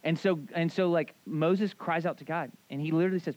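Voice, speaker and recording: Animated male pastor, dry muffled sound. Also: a little high, brisk, no room sound. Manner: animated storyteller, acts out voices, casual asides. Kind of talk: sermon.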